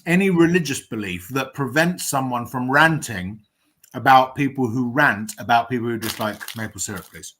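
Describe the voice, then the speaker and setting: A man's voice: mid-range voice, moderate pace, a bit bright, slight background noise. A man hosting a casual chat, playfully handing the floor to others. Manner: playful, directing the talk. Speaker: host.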